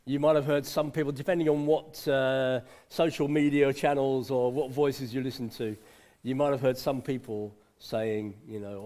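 A man's voice: mid-range voice, steady tone, moderate pace, mellow. A man giving an informal, conversational sermon and chuckling often. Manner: conversational, repeats words for emphasis, chuckles often. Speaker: preacher.

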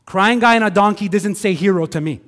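Quebec-accented pastor preaching in a reverberant hall. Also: male voice, high voice, fairly quick. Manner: conversational, animated with acted asides. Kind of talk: sermon. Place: church sanctuary.

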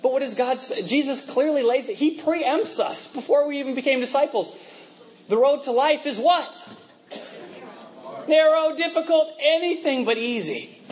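A man's voice: very high-pitched, moderate pace, a little mellow, low-quality recording. A young man preaching a conversational sermon, full of rhetorical questions and laughing asides, with a mixed accent. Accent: mixed, from working in a multinational office.

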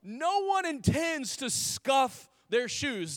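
A man in his thirties preaching with a high, bright-pitched voice. He talks to the congregation like friends, full of restarts and quick asides. The sound is dry and close to the mic. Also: clean tone, no room sound. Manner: energetic, conversational, frequent restarts and "like". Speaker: pastor. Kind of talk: sermon.

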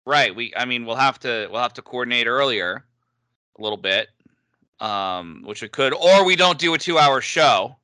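A man co-hosting a podcast in casual chat, talking in a drawn-out, hesitant way and laughing easily. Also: medium pitch, lively intonation, sharp tone, no room sound, clean studio sound. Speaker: podcast co-host.

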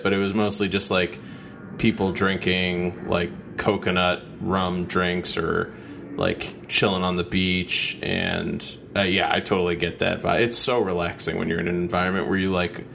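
A man's voice: sits low, level tone, unhurried, gravelly, fairly bright tone, slight background noise. A man chatting casually as a podcast co-host, laid-back and teasing, with some swearing. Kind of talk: casual chat.

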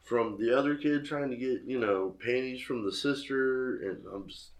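A man's voice: medium pitch, normal speed, reverberant, poor audio. A man telling rambling, profane stories in casual podcast chat. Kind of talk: casual storytelling.

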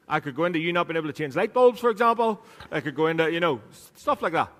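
Guy preaching into a mic, a bit high voice, chatty and jokey, big echoey hall. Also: expressive, fast talker, few pauses, a bit bright. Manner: conversational and joking, with a teasing aside to the congregation. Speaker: pastor. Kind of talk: sermon. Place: church hall. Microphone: microphone. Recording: reverberant hall sound.

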